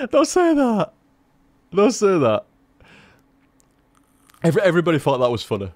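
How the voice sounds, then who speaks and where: A man's voice: high-pitched, wildly swooping pitch, slow pace, pauses often, no room sound. A man in casual rambling chat as a gaming commentator, chatty, laughing at himself and swearing freely.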